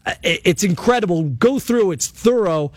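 A man hosting sports talk radio, chatty and animated, taking calls from listeners. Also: high voice, moderate pace, no room sound. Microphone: studio mic.

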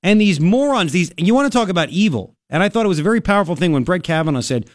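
Animated high-voiced male talk host. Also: fast, few pauses, no echo, clean studio sound. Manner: animated, emphatic, ranting. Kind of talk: political talk commentary.

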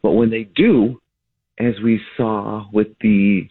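A man, a city alderman, speaking as a guest in a radio interview with steady, critical comments. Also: lowish voice, slow pace, breathy edge. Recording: tinny phone line.

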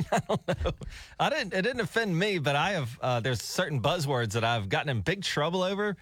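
A man's voice: on the high side, sing-song, a little fast, fairly bright tone, no echo. A man co-hosting a morning radio show, bantering casually and laughing often.

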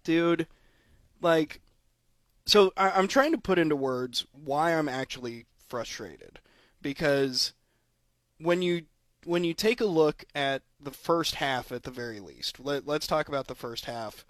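A man's voice: fairly high pitch, measured pace, dry recording. A man co-hosting a sports podcast, telling stories animatedly, laughing often and acting out voices in casual chat. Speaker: podcast co-host.

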